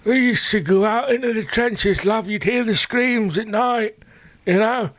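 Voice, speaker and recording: A man's voice: sits high, measured pace, fairly bright tone, no echo, voice pushed up. A man doing a boastful old war veteran. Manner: boastful, calls listener love. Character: old male war veteran bragging, grandfatherly.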